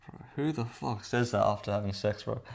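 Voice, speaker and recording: A man's voice: fairly low pitch, fairly quick, vocal fry. A man giving casual reaction commentary, sarcastic and profane, calling his viewers bro.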